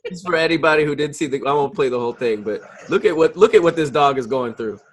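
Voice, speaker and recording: A man co-hosting a podcast in casual chat, with relaxed, joking banter. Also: on the high side, quick pace. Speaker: podcast co-host.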